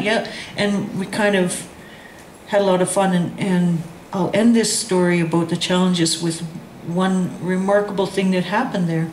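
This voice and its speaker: A woman's voice: fairly low pitch, moderate pace. A woman telling a personal story at a community session, acting out the voices of the people in it and laughing often. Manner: animated, acts out quoted voices, laughs often. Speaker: guest speaker. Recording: echoey room with faint ambient noise.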